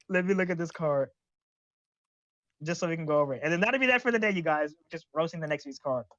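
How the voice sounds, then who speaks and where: Young male podcast co-host: high voice, rapid, excitable, stumbling delivery, dry lo-fi sound. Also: dry recording. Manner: excitable, stumbling repeats, slangy. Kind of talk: casual chat.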